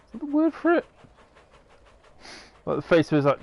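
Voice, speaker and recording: A man's voice: a little high, wildly swooping pitch, measured pace, vocal fry, long pauses. A man giving rambling, casual commentary while playing a game, swearing now and then. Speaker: gamer.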